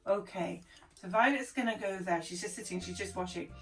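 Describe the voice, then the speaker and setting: A woman presenting a children's lesson, speaking slowly, clearly and enthusiastically. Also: medium pitch. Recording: distant mic, faint background music.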